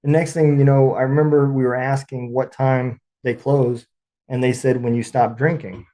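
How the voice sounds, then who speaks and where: A man hosts a relaxed interview, easygoing and quick to laugh with his guest. His voice is mellow and warm, sitting at an ordinary pitch. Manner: laid-back, laughs along often. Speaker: podcast host, veteran. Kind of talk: casual interview chat.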